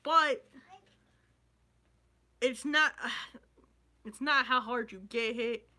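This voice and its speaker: A man's voice: very high voice, drawn-out words, pushed and bright. A young man vlogging in an emotional, rambling way, swearing freely as he talks about loss and his dreams. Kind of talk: emotional casual vlog talk.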